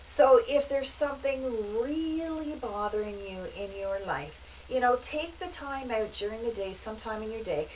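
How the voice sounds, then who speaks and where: A woman calmly guiding a meditation and breathing exercise, with casual asides as she talks. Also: fairly high pitch. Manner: slow, calm, soothing delivery with casual asides. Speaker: meditation instructor. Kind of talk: guided meditation instruction. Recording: voice from a distance, faint background noise.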